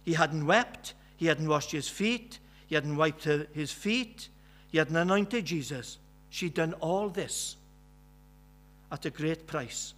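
A man's voice: on the high side, slow pace, a bit bright. A man with a Welsh accent, from West Wales, preaching a sermon in an earnest, emphatic way, repeating key phrases. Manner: earnest, emphatic with many repetitions.

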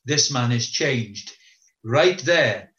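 This sermon comes from a man whose medium-pitched, fairly bright voice is animated yet extremely slow. Telling stories, he performs the quoted voices and keeps repeating questions to the listeners, all captured in an echoey room with dull lo-fi sound.

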